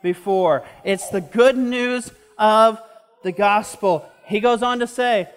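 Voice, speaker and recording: A man preaching a sermon as a pastor, impassioned and slowing down for emphasis. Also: high voice, clean tone.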